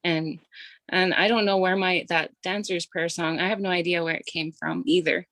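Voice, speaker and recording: A woman hosting a casual interview, speaking in an appreciative, gentle way. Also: fairly low pitch, steady tone, normal speed, dry recording, poor audio. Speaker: host.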